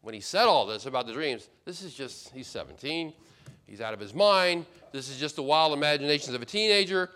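A man's voice: fairly high pitch, expressive, fairly quick, sharp tone. A man preaching an expository sermon as pastor, earnest and emphatic, repeating key points and often restarting mid-phrase.

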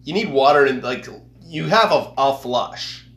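A woman's voice: very deep voice, animated, unhurried, fairly bright tone, echoey room. A woman chiming in with short reactions and questions during a casual chat. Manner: brief reactive interjections.

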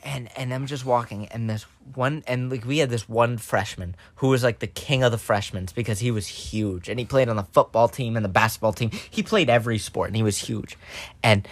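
A young man hosting a podcast, telling a story in casual chat, animated and full of restarts and laughs. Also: medium pitch, fairly quick, no echo. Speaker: podcast host.

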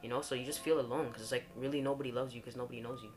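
A woman's voice: a bass voice, fairly even intonation, racing, over music. A young woman candidly telling a personal story in casual conversation, full of "like" and "you know". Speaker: guest telling her coming-out story.

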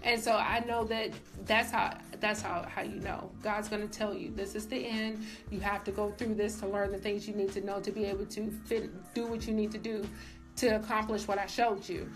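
A woman's voice: medium pitch, level tone, normal speed, over music. A young woman giving a casual personal faith testimony, emphatic and filled with "like", as a show host. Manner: casual, emphatic, says "like" often. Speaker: faith vlogger.

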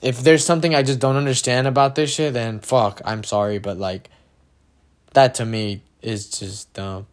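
A young man ranting casually and with much profanity, often mimicking people in mocking, higher voices. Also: steady tone, moderate pace.

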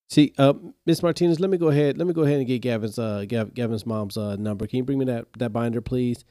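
A man's voice: medium pitch, quick pace, few pauses, dark tone, dry recording, studio quality. A man hosting a podcast, retelling a story casually and animatedly, with growing exasperation. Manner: speaks straight to listeners in slang. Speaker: podcast host.

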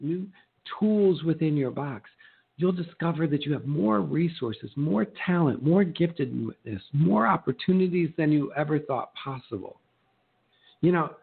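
A middle-aged man coaching real estate agents in a motivational talk, lively and acting out little exchanges in shifting voices. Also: fairly high pitch, breathy edge. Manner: animated, acts out quoted exchanges in changing voices. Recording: narrow phone-like sound.

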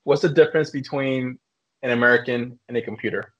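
A man hosts a loose podcast in a mid-pitched voice, telling jokes and calling the next segment. His sound is dull and lo-fi, as if from a cheap mic. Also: a little fast. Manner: leads segments, tells jokes. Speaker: podcast host. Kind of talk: casual podcast hosting.

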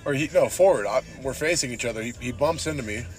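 Driving his car, a San Diego man hosts a podcast, ranting casually and with plenty of profanity while saying "dude" constantly. He talks fast in a mid-range voice over soft background music.

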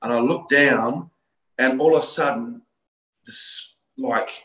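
A middle-aged or older Australian man, appearing as a guest, earnestly recounts how he converted to his faith, often stopping and restarting. His mid-range voice is pushed and bright, and the room gives the recording an echo.

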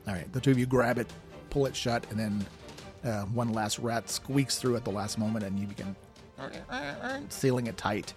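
A man's voice: lowish voice, steady tone, normal speed, faint music behind. A man narrating a tabletop game as game master, in a loose, rambling way with fillers.

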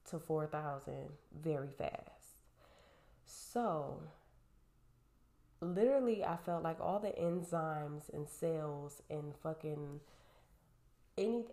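Low-voiced woman cussing through a storytime rant. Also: gravelly. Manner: profane and animated, talking to viewers directly. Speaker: vlogger. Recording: roomy echo.

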